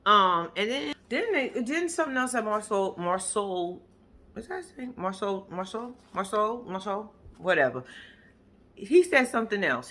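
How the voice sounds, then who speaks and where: Woman vlogger, mid pitch, blunt, profane recap talk. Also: a bit bright. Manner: blunt, profane, emphatic storytelling; addresses viewers directly. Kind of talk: casual episode reaction chat.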